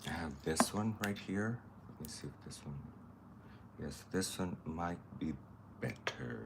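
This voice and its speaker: A man's voice: very deep voice, unhurried, heavy background noise. A man chatting casually while doing a makeup tutorial, thinking aloud as he works and greeting viewers. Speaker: makeup artist.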